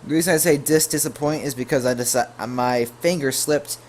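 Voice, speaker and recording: A man casually telling a storytime tale to his viewers, full of jokey asides and quick self-corrections. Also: medium pitch, a little mellow, slight background noise. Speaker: YouTube storyteller.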